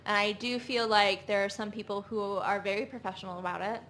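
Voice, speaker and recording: Bright-voiced woman giving earnest advice. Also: mid-range voice, steady tone, brisk, a little hiss or hum. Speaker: podcast co-host. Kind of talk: casual panel chat.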